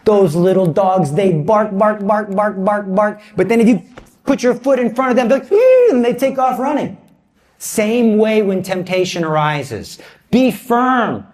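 A man preaching a lively sermon with comic stories and asides, acting out the voices of the people in them. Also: high voice, measured pace.

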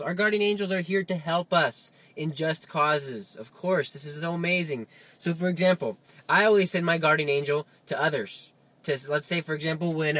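A man with a fairly high voice delivers Catholic teaching in an animated way. He keeps asking rhetorical questions and adds coaxing asides. The delivery is conversational rather than preachy. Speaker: Catholic speaker. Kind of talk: spoken religious teaching.

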